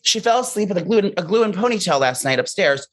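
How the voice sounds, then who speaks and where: A man's voice: high voice, lively intonation, fast talker, fairly bright tone. A man co-hosting a podcast, telling campy, gossipy stories in a teasing, joking way. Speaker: podcast co-host. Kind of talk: casual comedic chat.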